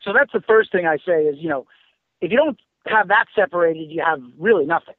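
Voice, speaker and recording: A man's voice: on the high side, a little fast, no room sound. Screenwriter guest, male, loose and sweary, thin phone-like sound. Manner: profane, rambling storyteller with many fillers. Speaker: screenwriter and writing teacher. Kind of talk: casual podcast conversation.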